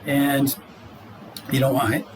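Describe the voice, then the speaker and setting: A man's voice: mid-range voice, completely flat delivery, slow pace, background noise. A middle-aged man, a doctor guest on a podcast, explaining health matters in an earnest, casual way and laughing easily.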